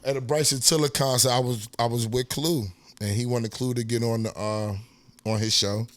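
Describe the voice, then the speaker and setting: A man's voice: mid-range voice, moderate pace, no room sound. A man from New York with a New York accent, a podcast guest telling stories in a casual, profane way and acting out what others said. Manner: animated, profane, acts out quotes in a raised voice. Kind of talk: casual storytelling interview.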